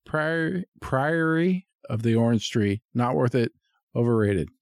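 A man's voice: medium pitch, animated, a little slow, darkish tone, dry recording, clean studio sound. A man co-hosting a podcast from a basement, swearing freely, cracking crude jokes and ranting casually. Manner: profane, jokey, does silly quoted voices. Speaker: podcast co-host. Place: basement studio.

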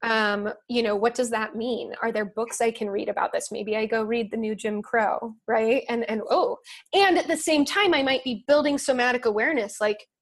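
Podcast guest, woman, higher voice, earnest and thoughtful, loose conversational delivery. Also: moderate pace. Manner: thoughtful, earnest, explanatory with many fillers. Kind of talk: casual conversational explanation.

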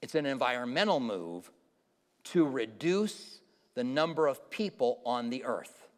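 A man's voice: medium pitch, very animated, a little slow. A man giving an informal Bible teaching to a live audience, often putting questions to the listeners. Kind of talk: conversational sermon teaching. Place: church hall with a live audience. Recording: long reverb of a large hall.

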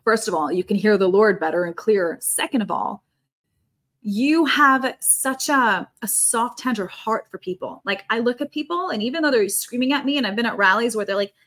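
Woman podcast guest, high-pitched, emphatic conversational preacher. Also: normal speed, a bit bright. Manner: emphatic, fervent, repeats for stress.

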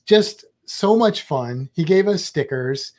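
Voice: mid-range voice, lively intonation, slow, a little mellow. Vlog co-host: a rambling, chatty speaker with a medium voice and loose, playful asides. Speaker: travel vlogger. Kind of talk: casual chat.

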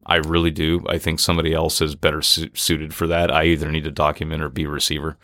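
A man hosting a casual chat, relaxed and steering the conversation. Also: extremely low pitch, fast talker, dry recording, studio quality.

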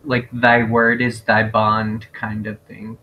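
A man co-hosting a podcast, recapping scenes in a lively way and laughing often. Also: on the low side, takes it slowly, muffled recording, slight background noise. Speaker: podcast co-host. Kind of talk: casual chat.

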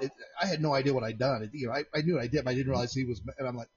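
A man hosting a casual podcast from his home shop, telling long rambling stories that get animated when he replays an argument. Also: on the high side, very fast, hardly any pauses, breathy edge, lo-fi sound. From Central Indiana. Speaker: podcast host. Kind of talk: casual storytelling chat. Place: home shop with doors open.

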